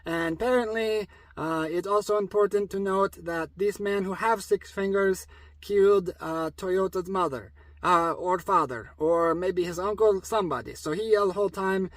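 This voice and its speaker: Man, comic storyteller, broken English, rambling, high voice, dry sound. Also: normal speed, fairly bright tone, no room sound.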